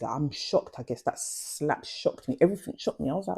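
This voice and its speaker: Husky-voiced woman telling stories. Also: extremely low pitch, lively intonation, a little fast, hardly any pauses, mellow. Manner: chatty, slang-heavy, confiding. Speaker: vlogger. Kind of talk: casual storytelling.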